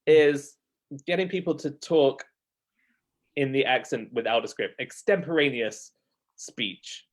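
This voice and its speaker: A man from England, speaking with his own English accent as a guest accent coach. His voice sits at an ordinary pitch for a man, and he talks in a relaxed way, laughing easily. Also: measured pace, long pauses. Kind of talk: casual live-stream chat.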